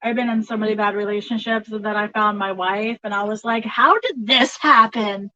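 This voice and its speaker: A woman's voice: medium pitch, little pitch movement, fast talker, fairly bright tone, no echo, dull audio. A woman tarot reader chatting casually on a livestream, laughing often between remarks.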